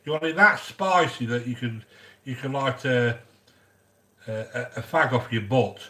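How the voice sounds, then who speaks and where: A man's voice: medium pitch, unhurried, pushed and bright. Man, casual vlog chat, rambling, jokey, talks to viewers. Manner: chatty, rambling, joking, talks to viewers by name. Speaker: cooking channel host.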